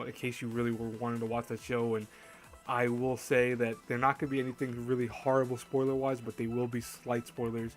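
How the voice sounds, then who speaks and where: A man hosting an anime countdown in casual chat, rambling and correcting himself as he goes. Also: medium pitch. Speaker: host. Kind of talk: casual anime list commentary.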